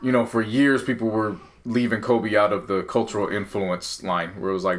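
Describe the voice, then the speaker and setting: Earnest low-voiced man in casual chat. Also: level tone, moderate pace. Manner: earnest, talks in long winding stretches. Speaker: podcast co-host.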